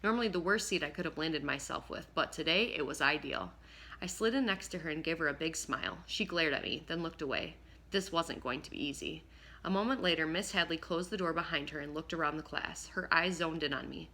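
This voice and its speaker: A woman narrating a first-person audiobook in a lively, expressive way, now and then slipping and rereading a line. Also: low voice, fairly quick. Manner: lively, expressive reading with occasional slips and rereads.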